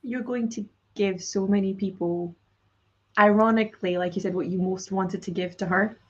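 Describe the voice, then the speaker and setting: A woman's voice: mid-range voice, fairly even intonation, normal speed, breathy edge, highs cut off. A woman hosting an interview, talking earnestly and chattily with many fillers over a video call. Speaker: host, course teacher. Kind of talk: conversational interview.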